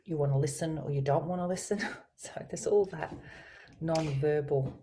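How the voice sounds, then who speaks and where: A woman voice coach speaking as a guest on a video call, explaining communication in an expressive, teacherly way. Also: low voice, moderate pace. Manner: expressive, teacherly, varies her inflection. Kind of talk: explanatory interview talk with spoken tone demonstrations.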